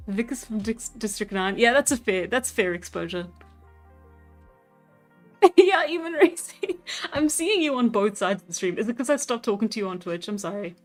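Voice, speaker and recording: A woman's voice: mid-range voice, big pitch swings, moderate pace. A young South African woman hosting a live stream, chatting casually and laughing often while answering chat. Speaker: livestream host. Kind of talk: casual chat, reading out chat comments. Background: faint background music.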